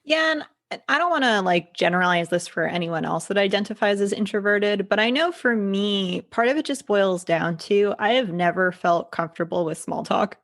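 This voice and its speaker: A woman's voice: medium pitch, normal speed, few pauses, fairly bright tone. A woman who is a life coach, speaking as a podcast guest in a thoughtful, reflective way. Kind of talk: casual interview chat.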